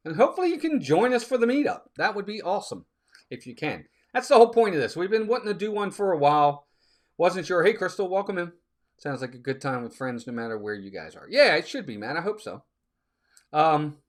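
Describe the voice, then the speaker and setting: Chatty man hosting a live stream. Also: on the high side. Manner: chatty, reads out viewer comments, sneezing fits. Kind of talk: casual live stream chat.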